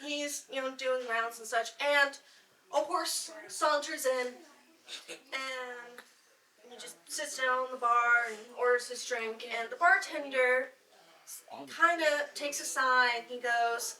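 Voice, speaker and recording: A high, bright woman's voice tells jokes to a small circle of listeners, giggling through her own setups and wandering off with lots of ums. Her voice sounds distant and roomy, picked up from across an echoing room. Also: steady tone, slow pace. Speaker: joke teller at a bardic circle. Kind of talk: casual live joke telling. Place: indoor gathering room with listeners.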